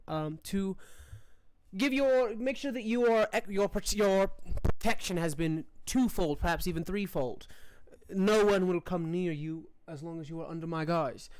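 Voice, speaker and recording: A game master voicing a smooth-talking male noble courtier who flatters and stumbles over his words. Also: medium pitch, lightly acted. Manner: halting, full of restarts and fillers.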